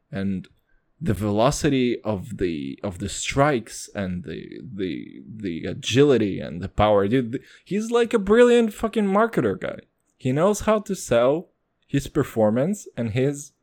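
A man from Kazakhstan hosting his own podcast, ranting casually with lots of swearing and excitement. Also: mid-range voice. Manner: profane, rambling, excitable. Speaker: podcast host. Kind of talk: casual solo podcast rant.

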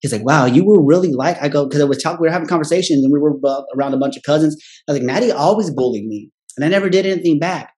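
Here a man with a fairly high, dark-toned voice recounts something personal without holding back, swearing freely and speaking bluntly. He tags a questioning "right?" onto nearly every line and dips into quick impressions of family members whenever he quotes them.

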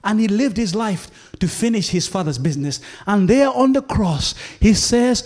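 A man's voice: high-pitched, animated, normal speed, hardly any pauses, a little mellow. A male preacher giving a sermon, pleading with the congregation and often checking in with them. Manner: impassioned, pleading, often asks "you feel me?".

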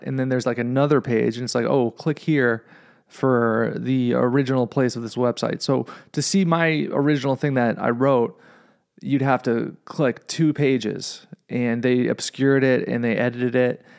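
A young man with a gravelly, creaky voice hosts his own podcast, telling a rambling story. He talks casually, swears freely, and keeps checking in with "you know what I mean". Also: mid-range voice. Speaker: podcast host.

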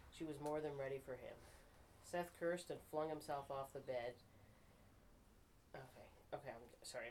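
Against background noise, someone from a writing group reads their own story in a medium-pitched voice. The reading is steady, broken occasionally when they pause to correct a slip and say sorry.

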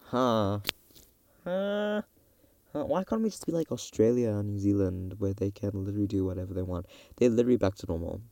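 A young man rambles through a casual solo podcast, mocking himself and bursting into loud outbursts. His lowish voice swings widely in pitch. The sound is dry and close, recorded straight into a tablet. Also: animated, brisk, vocal fry, dry recording. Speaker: podcast host. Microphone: tablet recording app.

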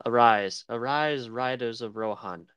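A man reciting the lines of an aging warrior king rallying his riders, slow and solemn, on a dry close mic. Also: medium pitch, a bit bright, clean tone, no room sound, close to an everyday voice.

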